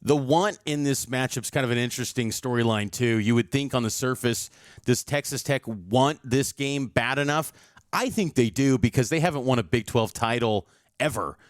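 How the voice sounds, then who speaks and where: A sports reporter walks through numbers and matchups with steady confidence as he previews a big college football game. His voice is smooth and resonant, recorded close and dry with no room around it. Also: medium pitch, normal speed, no room sound. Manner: stat-heavy, confident analysis.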